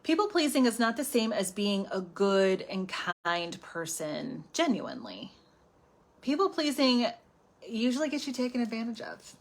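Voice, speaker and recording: Woman host, casual live self-help talk, expressive, slips into whispered asides. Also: fairly high pitch, moderate pace. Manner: animated, chatty, often drops to a whisper for asides. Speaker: healing coach hosting a live stream.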